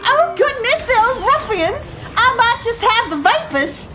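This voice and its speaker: A woman's voice: very high voice, sing-song, a little slow, loud music behind the voice, pitched above the performer's own voice, exaggerated voice. A woman voicing a fussy, frightened old-time Southern belle in a put-on American Southern drawl, swooning and theatrical. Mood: fretful swooning.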